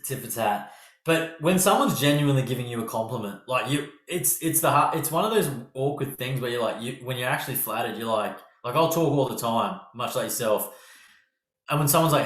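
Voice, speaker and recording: A man's voice: medium pitch, expressive, fairly quick, a bit bright. An Australian man hosting a podcast, rambling casually, swearing freely and laughing often. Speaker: podcast host. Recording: roomy echo.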